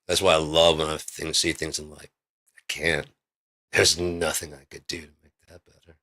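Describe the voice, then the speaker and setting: A man vlogging in a casual, rambling monologue, swearing often and getting excited as he pitches his ideas. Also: moderate pace. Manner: rambling, profane, excitable storytelling.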